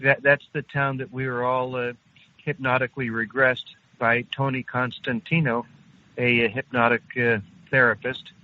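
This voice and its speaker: An older man tells a story at an unhurried pace, pausing often and searching for words. His voice comes through a thin, tinny phone line. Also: medium pitch, level tone. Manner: halting, unhurried, frequent hesitations. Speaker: interview guest. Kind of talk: recounting a personal story. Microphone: phone call.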